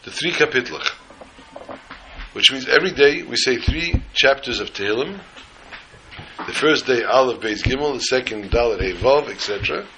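A man giving a sermon as a rabbi, an animated storyteller who acts out scenes before he turns to teaching. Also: medium pitch, normal speed, a little hiss or hum, low-quality recording. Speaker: rabbi teaching the weekly Torah portion.

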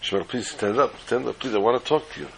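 A man voicing a calm, gentle old rabbi speaking softly to a penitent. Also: mid-range voice, fast talker, gravelly, slight background noise, lightly acted, low-quality recording. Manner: patient, soft-spoken.

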